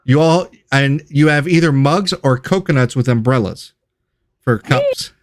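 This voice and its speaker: A man narrating as game master of a tabletop game, relaxed and loose with fillers. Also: mid-range voice, unhurried.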